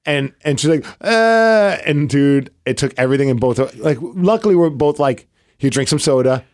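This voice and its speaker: A man's voice: mid-range voice, brisk, a little mellow, dry recording, studio quality. A man in his thirties co-hosting a podcast, telling stories in a rambling casual way with lots of fillers. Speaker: podcast co-host. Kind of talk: casual chat.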